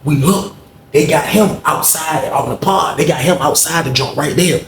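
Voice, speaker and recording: A man casually telling a story, animated and acting out the people he quotes in a higher voice. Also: moderate pace, vocal fry, a crowd in the background. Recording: echoey room with faint noise.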